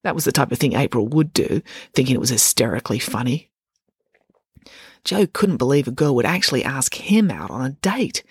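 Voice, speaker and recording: A woman narrating a children's audiobook in an expressive storytelling manner. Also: extremely low pitch, a little fast, slightly rough, no room sound, clean studio sound. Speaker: narrator, author.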